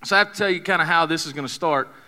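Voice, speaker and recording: A man's voice: a little high, very fast, pushed and bright. A man, preaching a sermon in a folksy, joking, conversational way, telling a story to his congregation. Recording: long hall reverb.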